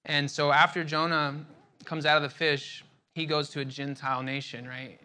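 A man's voice: fairly high pitch, little pitch movement, moderate pace, pushed and bright. A young man teaching a Bible passage in a loose, conversational way, full of fillers and restarts. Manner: conversational, many fillers and repeated words.

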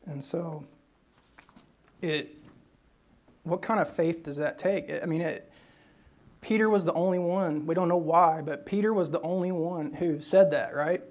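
A man's voice: on the high side, unhurried, long pauses, darkish tone. A man preaching a sermon as a pastor, earnest, often restarting and adding tag questions.

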